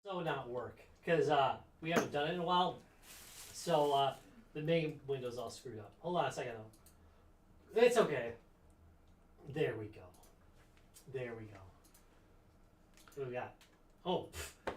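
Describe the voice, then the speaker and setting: A man's voice: medium pitch, animated, a little slow, pauses often. A man co-hosting a podcast, chatting loosely and rambling with jokes and laughter. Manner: rambling, jokey, laughs often. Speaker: podcast co-host. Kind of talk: casual chat.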